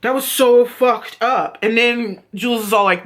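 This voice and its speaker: A woman vlogger casually recapping a TV episode, telling it in an excitable, profane way. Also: mid-range voice, brisk, hardly any pauses.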